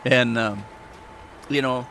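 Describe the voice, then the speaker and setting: A man's voice: medium pitch, steady tone, slow, noisy background. A man chatting casually on a live stream, talking candidly and rambling with frequent restarts.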